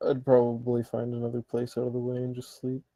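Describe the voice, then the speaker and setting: Gravelly, laid-back male player. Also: medium pitch, monotone, quick pace, warm tone, no echo. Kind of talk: casual tabletop play.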